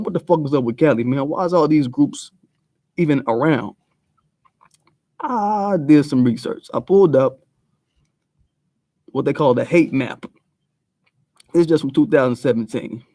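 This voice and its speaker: A man's voice: mid-range voice, a little mellow, dry recording. A man giving a blunt, profane commentary rant full of street slang. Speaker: video commentator.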